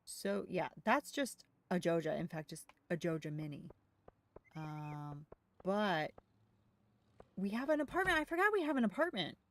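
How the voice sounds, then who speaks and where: A woman's voice: on the low side, big pitch swings, normal speed. A woman streamer chatting casually as she plays a farming game, easygoing and thinking aloud while she talks. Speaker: gaming streamer. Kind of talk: casual gameplay commentary. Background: faint music.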